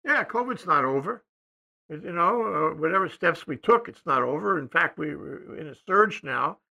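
An older man, co-hosting a casual political discussion, rambling and hesitant, often trailing off quietly. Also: fairly high pitch, animated, normal speed, gravelly. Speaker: co-host.

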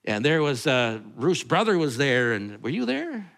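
Animated preacher. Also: male voice, mid-range voice, unhurried, creaky. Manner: conversational, rambling with restarts and asides. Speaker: pastor. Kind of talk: sermon.

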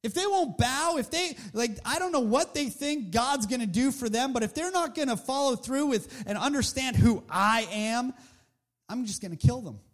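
A man playing a furious, vengeful male official from ancient times, ranting loudly. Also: very high voice, expressive, normal speed.

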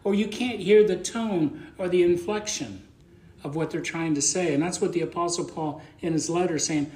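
Give me a plain-spoken man preaching a casual sermon, with a slightly high voice, in an echoey room. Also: normal speed, darkish tone. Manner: folksy, plain-spoken, repeats words as he thinks aloud. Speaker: pastor. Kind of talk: conversational sermon.

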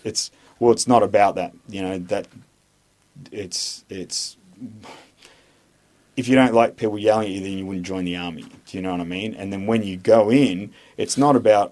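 A deep-voiced Australian man with a low register tells his army stories in a loose, rambling way. He swears freely and circles back on himself with "um"s and false starts, blunt in his opinions as an interview guest. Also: normal speed, darkish tone. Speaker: podcast guest, former army instructor. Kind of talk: casual interview storytelling.

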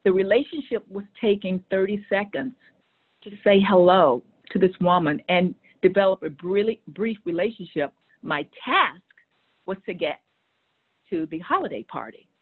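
A woman's voice: medium pitch, normal speed, husky. Storytelling woman on a tinny line. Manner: animated, acts out quoted voices. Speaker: guest telling a story. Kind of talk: conversational storytelling.

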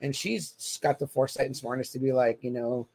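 A man chatting casually as a podcast co-host, recapping a film scene with animated, profane retellings. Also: mid-range voice, a little fast, gravelly. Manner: animated, profane, acts out dialogue. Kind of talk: casual movie recap chat.

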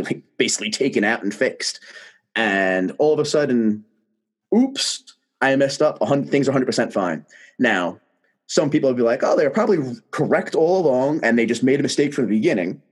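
Husky-voiced man telling a story. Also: medium pitch. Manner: animated, emphatic storyteller. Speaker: guest. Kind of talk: casual conversation, storytelling.

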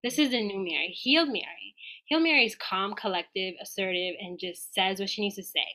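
A woman guest on a podcast telling a personal story in a casual, animated way, acting out her own quoted dialogue. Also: medium pitch, fairly quick.

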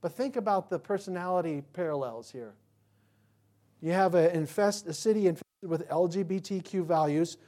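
Emphatic, animated male pastor preaching. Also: high-pitched, normal speed. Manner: emphatic preaching with rhetorical questions; animated, swinging from loud to quiet. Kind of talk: sermon.

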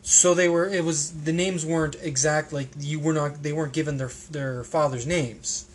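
A man's voice: fairly high pitch, steady tone, normal speed, a little hiss or hum. A man hosting a casual podcast, rambling and hesitant, with plenty of restarts and ums. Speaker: podcast host.

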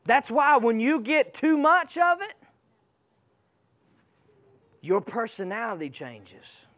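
High-pitched emphatic man preaching. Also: big pitch swings, slow, fairly bright tone. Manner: emphatic, calls out to the congregation. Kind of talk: sermon.

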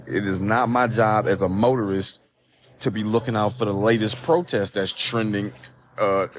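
A man with a somewhat low voice hosts a solo podcast, reading news items aloud and breaking off into profane, disbelieving rants. He talks in rambling bursts, full of restarts. It is recorded on a phone. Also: background noise. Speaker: podcast host.

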